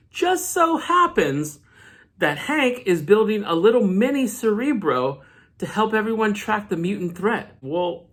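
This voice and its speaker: A man's voice: sits high, a bit bright. Male comic vlogger, casual recap, playful slangy commentary. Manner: joking, slangy asides. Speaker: comic book reviewer.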